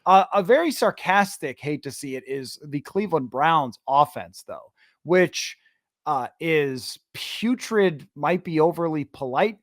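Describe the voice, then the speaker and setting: A man hosting a sports podcast, ranting in animated, sarcastic casual chat. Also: a little high, unhurried, dry recording, clean studio sound. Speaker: podcast host.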